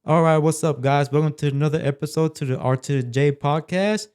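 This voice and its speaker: Smooth, mellow-voiced podcast host. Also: male voice, fairly high pitch, a little fast. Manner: relaxed, loose with fillers. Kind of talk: casual interview hosting.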